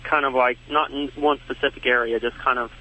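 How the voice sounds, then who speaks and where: A man calling in to a radio show, asking his question in a hesitant, halting way. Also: medium pitch, fairly even intonation, bright, forceful tone. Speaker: caller. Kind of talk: phone-in question. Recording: dull phone line.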